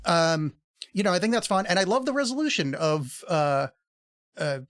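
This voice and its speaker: A man's voice: sits high, big pitch swings, normal speed, a bit bright, no echo, studio quality. A middle-aged man co-hosting a podcast, telling rambling stories in casual chat, laughing often and swearing freely. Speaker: podcast co-host.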